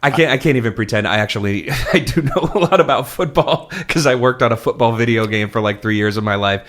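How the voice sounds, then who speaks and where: Laid-back male podcast co-host, joking, casual banter, middle pitch. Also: quick pace, a bit bright. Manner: laid-back, joking, frequent ums and laughs. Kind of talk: casual comedic chat.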